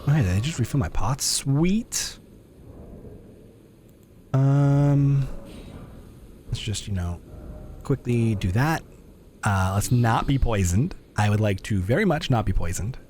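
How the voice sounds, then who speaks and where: A man's voice: mid-range voice, lively intonation, slow, pauses often, a little mellow, slight background noise. A young man streaming a game live, chatting in self-mocking asides as he plays. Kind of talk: live gameplay commentary.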